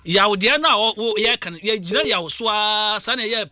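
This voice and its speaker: A man's voice: sits high, a little fast, bright, forceful tone, no room sound, clean studio sound. A man with a Ghanaian accent hosting a call-in sports radio show, switching between languages as he talks.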